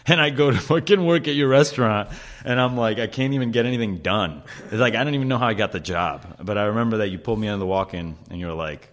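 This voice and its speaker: Low-voiced man swearing through casual stories. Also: quick pace. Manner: swears freely, laughs while telling stories. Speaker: podcast host. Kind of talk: casual chat.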